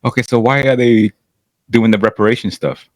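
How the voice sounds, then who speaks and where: A man co-hosting a podcast, chatting casually with animated, jokey interjections. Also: fairly low pitch, brisk, no echo. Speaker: podcast co-host.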